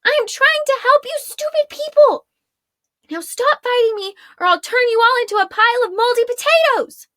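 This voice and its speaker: A woman's voice: very high voice, animated, normal speed, dry recording, clean studio sound, voice pushed up. Woman doing a fiery young witch girl. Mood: furious. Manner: shouting, exasperated. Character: fierce young teen witch, hot-tempered.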